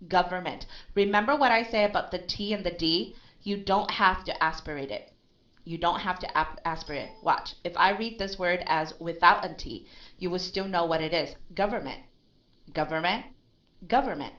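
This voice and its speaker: A woman's voice: lowish voice, moderate pace, bright, forceful tone, muffled recording. A woman teaching pronunciation in a live lesson, patiently correcting a learner and often checking in with "okay?" and "right?".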